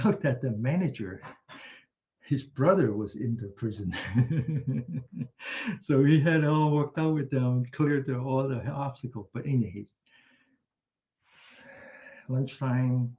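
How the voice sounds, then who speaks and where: Man, meditation teacher, mellow warm tone, gentle slow instructions, chatty asides. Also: medium pitch. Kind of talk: guided exercise and anecdote in a class.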